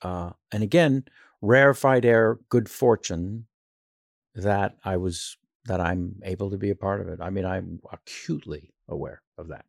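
A man's voice: low-pitched, moderate pace, creaky, dry recording, studio quality. A male actor and impressionist telling rambling, self-deprecating stories in a casual interview.

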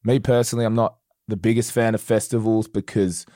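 A young Australian man talks in a studio interview with a low voice, and the sound is close and dry. He rambles easily between thoughts. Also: a little fast, dry recording. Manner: relaxed and rambling, with fillers and laughs. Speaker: guest musician. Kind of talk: casual interview chat.

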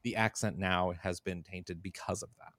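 A man's voice: low voice, steady tone, normal speed, a bit bright, no room sound. A man in his forties co-hosting a casual chat, talking in a loose, repetitive way as he thinks aloud. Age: 40s. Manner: chatty, stammers and repeats words while thinking. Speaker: podcast co-host.

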